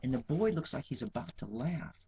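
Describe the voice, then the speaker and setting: A man's voice: mid-range voice, slightly rough. A man reading a children's picture book aloud, stopping to chat about the pictures. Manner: slow, lively, chatty asides about the pictures. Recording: dull lo-fi recording.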